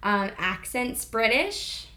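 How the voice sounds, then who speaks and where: Bright-voiced playful woman interviewer, lively pitch, giggly. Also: slow. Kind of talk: casual interview chat.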